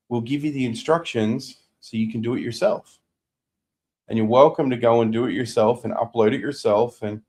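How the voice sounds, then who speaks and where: A man's voice: medium pitch, darkish tone. A man, co-hosting a business podcast, telling a client story in casual chat and acting out what people said.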